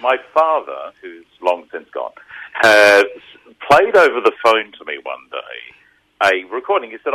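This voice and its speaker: A man in his fifties with an Australian accent, a radio guest who tells stories in an animated way. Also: on the low side, normal speed, rough recording. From Rockhampton, Queensland, Australia. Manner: animated storyteller. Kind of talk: casual radio interview.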